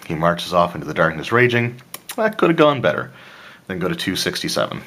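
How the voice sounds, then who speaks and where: Deep-voiced man reading a solo gamebook aloud. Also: sing-song, brisk, fairly bright tone. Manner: casual, with asides and throat-clearing. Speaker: player of a solo tabletop adventure.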